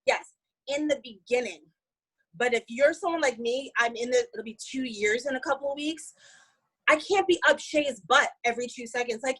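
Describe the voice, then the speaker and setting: A woman's voice: sits high, normal speed, fairly bright tone, breathy edge, low-quality recording. A woman giving an upbeat, emphatic motivational talk to her sales team, speaking casually. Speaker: network marketing team member.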